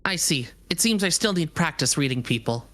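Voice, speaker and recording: A woman's voice: low voice, lively intonation, a little fast, a bit bright. A woman voicing a naive, curious otherworldly being in a live visual novel reading, earnest and formal. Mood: flustered. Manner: earnest, formal and a little hesitant.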